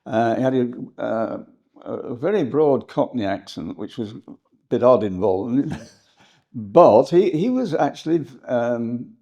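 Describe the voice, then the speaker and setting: An older man from England reminisces in a rambling, hesitant way, often breaking into laughter. His voice is gravelly and warm. The recording sounds slightly dull and lo-fi. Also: mid-range voice, animated, a little slow. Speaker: historian guest. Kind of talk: reminiscing interview talk.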